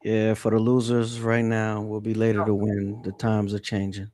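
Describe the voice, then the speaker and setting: A man's voice: lowish voice, completely flat delivery, normal speed, darkish tone. A man joking around on a casual livestream call in a laid-back, slangy way.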